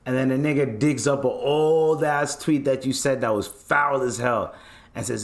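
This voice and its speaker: A man's voice: mid-range voice, normal speed. A young man from Canada hosting a casual solo podcast, talking in loose slang and acting out little scenes as he goes. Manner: loose, slangy and animated, acts out voices in bits. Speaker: podcast host.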